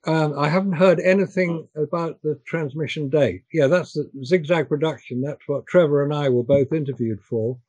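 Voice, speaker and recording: An older man chatting on a discussion call, pausing and repeating words as he talks. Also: on the high side, darkish tone, husky, no room sound, low-quality recording. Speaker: guest. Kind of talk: casual chat.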